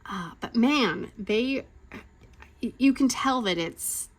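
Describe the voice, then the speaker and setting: Chatty, animated woman telling a rambling story. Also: slow. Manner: rambling and animated, acting out quotes with big pitch jumps. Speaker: crafting channel host. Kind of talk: chatty storytelling rant while crafting.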